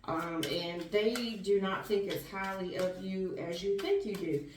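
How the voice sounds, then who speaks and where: A woman giving a blunt, slang-filled tarot reading straight to the viewer, casual and animated. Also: medium pitch, unhurried, reverberant, recorded from a distance, noisy background. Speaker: tarot reader.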